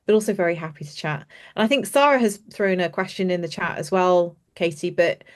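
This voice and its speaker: A woman's voice: fairly low pitch, a little fast. Chatty woman on a video call. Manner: enthusiastic, chatty, trails off and restarts often. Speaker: youth participation practitioner, guest speaker. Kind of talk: animated storytelling in an online panel.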